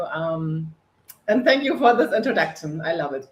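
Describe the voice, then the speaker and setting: A woman's voice: lowish voice, moderate pace, dull audio. A middle-aged woman from northern Germany with a German accent, speaking bluntly and with energy as a guest coach on a podcast. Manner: energetic, blunt, laughs often. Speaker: guest, face yoga coach. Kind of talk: podcast interview.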